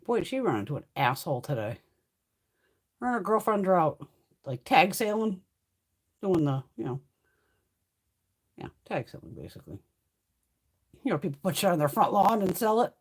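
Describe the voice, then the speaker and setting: A woman's voice: fairly low pitch, big pitch swings, moderate pace, pauses often, slightly rough. A middle-aged woman hosting a beauty livestream, chatting casually and bluntly, swearing freely and answering viewers by name.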